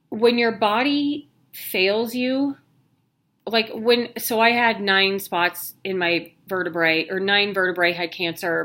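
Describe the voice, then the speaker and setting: This woman in her thirties has a medium-pitched, slightly bright voice. She's a vlogger talking casually to the camera about her health news, candid and chatty with jokey asides, though she sounds worn out.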